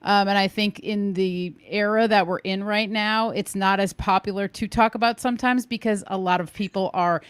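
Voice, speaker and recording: Woman, guest, smooth clear voice, earnest, dry sound, casual live talk. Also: medium pitch, fairly even intonation, moderate pace, hardly any pauses, dry recording.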